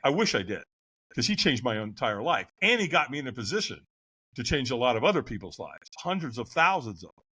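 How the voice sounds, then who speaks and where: A middle-aged man, a podcast guest, telling a story with lively, acted-out voices and frequent laughs. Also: mid-range voice, fairly quick, husky. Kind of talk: animated storytelling.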